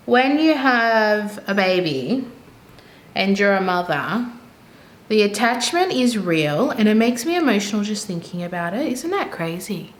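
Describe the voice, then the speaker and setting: A young woman and mother chatting casually while she does her makeup, rambling and thinking aloud as she goes. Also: mid-range voice. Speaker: beauty vlogger and mother. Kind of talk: casual get-ready-with-me chat. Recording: roomy echo with faint ambient noise.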